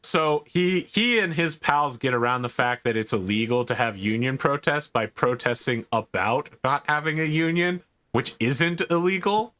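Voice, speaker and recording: A man's voice: medium pitch, normal speed, hardly any pauses, pushed and bright. A man narrating as game master of a tabletop game, describing scenes in a laid-back way.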